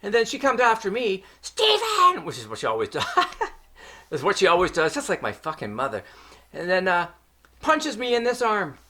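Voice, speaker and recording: A man's voice: high voice, very animated, normal speed, bright, forceful tone. A middle-aged man from Canada, telling a personal story to his vlog in a heated, profane rant full of swearing. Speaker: vlogger.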